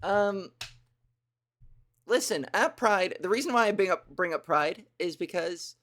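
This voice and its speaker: A woman's voice: lowish voice, expressive, a little slow, a bit bright. Rambling, crude woman streamer. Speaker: comedy streamer host. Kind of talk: casual livestream chat with viewers.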